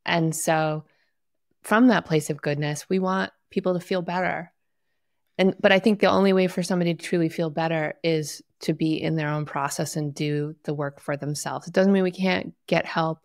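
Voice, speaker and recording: Low gravelly-voiced woman guest. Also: fairly even intonation, normal speed, dry recording, clean studio sound. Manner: earnest, reflective, drops to a near whisper on quiet lines. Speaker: guest, wellness author. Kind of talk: casual conversation.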